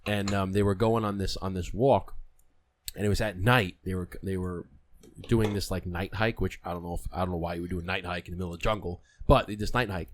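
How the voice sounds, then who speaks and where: A man's voice: low voice, fairly even intonation, fast, slight background noise. A man hosting a podcast who tells stories in a rambling, casual way, with lots of restarts and swearing.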